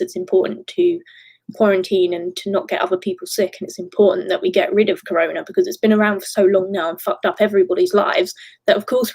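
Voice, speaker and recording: A young woman speaks in a candid live-stream monologue, her voice sitting at an ordinary middle pitch. She talks frankly and with feeling, swearing freely and slipping small nervous laughs between her phrases. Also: rough recording.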